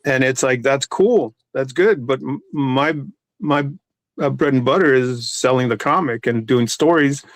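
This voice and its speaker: A comic artist talking in a casual podcast chat, rambling with many restarts and fillers. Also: male voice, mid-range voice, a little slow, no room sound.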